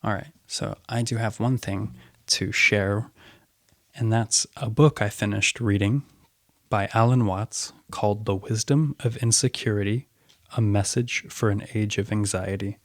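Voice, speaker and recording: A young man co-hosting a podcast, talking calmly and reassuringly to his friend. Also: fairly low pitch, unhurried, dry recording, clean studio sound. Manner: calm, reassuring advice. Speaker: podcast co-host. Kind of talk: casual chat.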